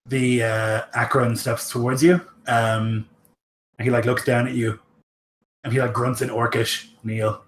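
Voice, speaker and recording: A man's voice: mid-range voice, unhurried, reverberant, slight background noise. Casual man running a tabletop game. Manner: casual, relaxed, with fillers. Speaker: game master.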